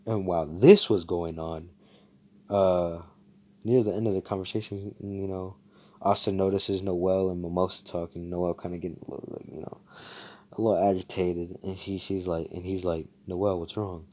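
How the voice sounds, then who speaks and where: A man's voice: low voice, steady tone, moderate pace, dark tone. A young man casually retelling a story, rambling and swearing, full of slang and self-corrections.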